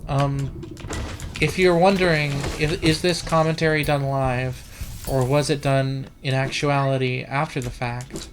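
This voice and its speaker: Woman, low voice, slow drawl, live game commentary, rambling and profane, keyboard clicks behind. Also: fairly even intonation. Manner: rambling, profane and self-mocking; practicing a trained feminine voice. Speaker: let's play host. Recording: keyboard clicks and room noise.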